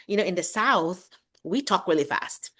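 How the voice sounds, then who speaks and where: A middle-aged woman from the Philippines, chatting casually and quickly on a video call as a teacher and host. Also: on the low side, slightly rough. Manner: talks fast when excited, lively, with laughs.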